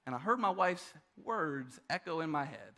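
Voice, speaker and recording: A man's voice: fairly high pitch, lively intonation, moderate pace, bright, forceful tone. A man in his thirties preaching a sermon as a pastor, telling a personal story in an earnest way. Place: church auditorium.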